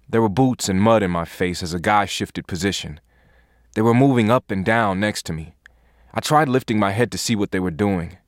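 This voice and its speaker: Low-voiced man narrating an audiobook. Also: moderate pace, dry recording, studio quality. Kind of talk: first-person audiobook narration.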